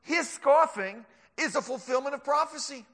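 A man delivers a lively, animated sermon in a high, bright voice. His words ring out with a long hall reverb around them. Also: normal speed. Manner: animated, acts out scoffers in mocking voices. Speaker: preacher.

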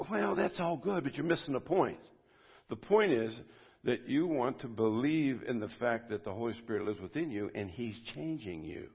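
A pastor gives an informal sermon to a men's group at a church service, speaking conversationally and swinging between loud bursts and quiet asides. His voice is medium-pitched and husky, captured in dull, lo-fi sermon audio.

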